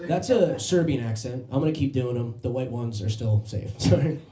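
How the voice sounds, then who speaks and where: Male stand-up comic on a club stage, lively storyteller who does voices, mellow tone. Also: mid-range voice, normal speed, roomy sound. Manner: animated storytelling with voiced impressions. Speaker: stand-up comedian. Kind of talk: stand-up comedy set.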